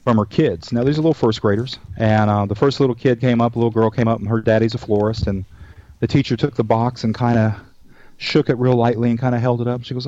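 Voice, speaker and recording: A man's voice: mid-range voice, steady tone, fast talker, warm tone. Folksy man hosting a cooking show. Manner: folksy and rambling, tells jokes, says "y'all" and "man". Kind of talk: casual cooking-show chat. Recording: dull dry lo-fi recording.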